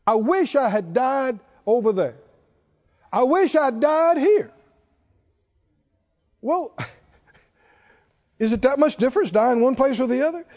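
High-voiced animated male preacher. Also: slow, pauses often. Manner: animated, reads scripture and acts out quotes. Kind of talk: sermon. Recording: dull recording in a reverberant hall.

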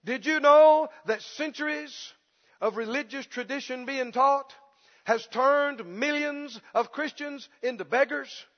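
High-voiced male preacher in a reverberant hall. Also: measured pace. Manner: impassioned, mimics pleading beggars in a whimper. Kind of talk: sermon. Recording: dull sound with long hall reverb.

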